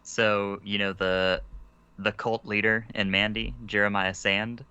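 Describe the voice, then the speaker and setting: A man co-hosts a podcast in casual, deadpan chat. His voice is very low but bright and clear. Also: unhurried, no echo, highs cut off. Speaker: podcast co-host.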